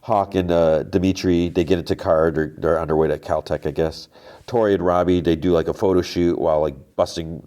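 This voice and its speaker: Low-voiced man casually recapping a show. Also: darkish tone. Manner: rambling, quotes characters with lots of "he's like". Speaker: podcast host.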